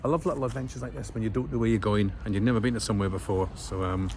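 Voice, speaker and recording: This Scottish vlogger has a lowish, slightly mellow voice with fairly even intonation, and he talks very fast. Walking through a rainy town and its station, he narrates his travel vlog in a casual, rambling way packed with fillers, against clear street noise.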